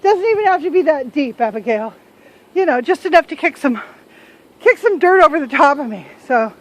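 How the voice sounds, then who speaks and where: A chatty older woman with a high voice vlogs from outside on a handheld camera. She talks casually and pokes fun at herself as she goes. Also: animated, fairly quick, rough recording. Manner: chatty, self-mocking, joking. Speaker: travel vlogger. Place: outdoors in a hillside cemetery.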